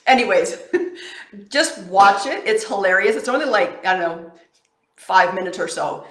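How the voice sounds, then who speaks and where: A woman's voice: medium pitch, lively intonation, moderate pace, long pauses, fairly bright tone, reverberant. A woman coach giving a casual motivational talk to camera in an encouraging, affectionate, conversational way.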